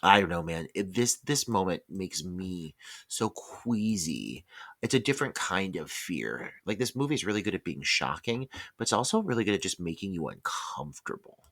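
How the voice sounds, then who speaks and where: A man co-hosting a horror podcast, talking in a loose, excitable way full of fillers and cursing. His voice sits fairly low but swings widely in pitch and has a bright, forceful edge. The sound is close and dry. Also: normal speed, no room sound. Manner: animated, swears freely, many fillers. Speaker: podcast co-host. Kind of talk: casual movie discussion.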